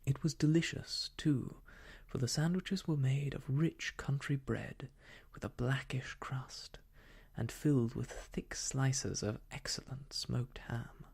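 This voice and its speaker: A storyteller reading an old children's book aloud softly as a whispered role-play for sleep. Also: medium pitch, fairly even intonation, gravelly, husky. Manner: soft, slow bedtime reading.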